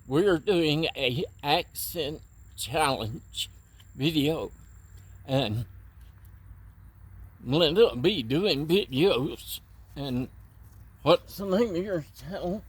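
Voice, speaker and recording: A man's voice: a little high, lively intonation, slow pace, pauses often, husky. A middle-aged man, a laid-back and plainspoken co-host reading out words in a casual chat. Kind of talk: casual accent-tag chat.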